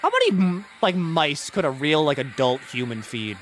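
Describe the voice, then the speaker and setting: A man streaming a video game, reading its text aloud in a low mutter and breaking into rambling, jokey asides full of "like". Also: big pitch swings, moderate pace, faint music behind. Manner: jokey, irreverent, swears.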